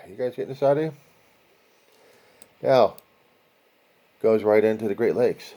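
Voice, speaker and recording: A man's voice: fairly low pitch, measured pace, pauses often, warm tone. A man hosting a casual video, talking viewers through a map in a rambling way, with profane asides and chant-like lists of places. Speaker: video host.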